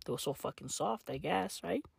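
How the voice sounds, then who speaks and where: A woman delivering a profane comedic rant, full of slang, dropping to low mutters and then jumping to high shouted outbursts. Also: animated, moderate pace, gravelly, slightly rough, no room sound, studio quality. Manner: heavy slang fillers. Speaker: comic ranter.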